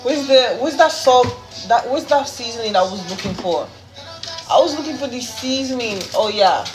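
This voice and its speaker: A woman's voice: a little high, expressive, moderate pace. A woman chatting casually on a livestream while she cooks, blunt and profane, talking straight to her viewers on a phone. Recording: echoey room with loud music behind.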